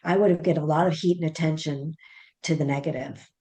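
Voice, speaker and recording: A woman's voice: low-pitched, fairly even intonation, a little fast, warm tone. A middle-aged woman, a parenting author guest, telling a story animatedly and acting out the dialogue. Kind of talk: conversational storytelling interview.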